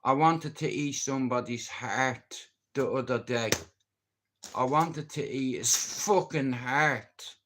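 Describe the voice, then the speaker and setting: A man's voice: mid-range voice, slow pace, background noise. A middle-aged Irish man rambling bluntly in a casual live-stream chat, swearing freely and speaking openly about his feelings. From Ireland. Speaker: livestreamer.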